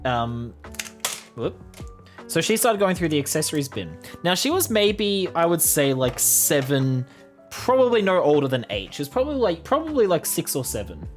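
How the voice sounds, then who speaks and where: Young woman vlogger, low and animated, chatty storyteller. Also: normal speed, soft background music. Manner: chatty, rambling with fillers. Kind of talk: casual storytelling.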